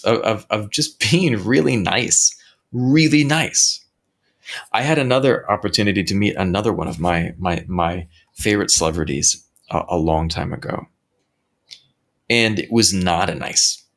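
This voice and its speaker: A man hosting his own podcast, talking earnestly and reflectively on his own at home, often halting and restarting his sentences. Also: low-pitched, vocal fry, fairly bright tone. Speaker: podcast host. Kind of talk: reflective solo talk. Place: home recording setup.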